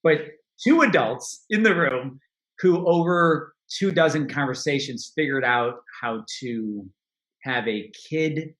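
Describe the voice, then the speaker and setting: A man's voice: on the high side, a little slow, a bit bright, roomy sound. A man speaking as a podcast guest, talking candidly and reflectively about his own life, often restarting and laughing. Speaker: podcast guest, money coach. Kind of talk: casual interview talk.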